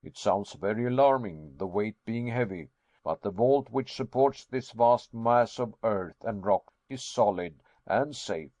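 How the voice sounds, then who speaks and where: A learned old professor holds forth with emphatic confidence, as a man puts him on. His delivery is loud and lecturing, recorded dry and close. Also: fairly low pitch, measured pace, no echo, muffled recording, natural voice.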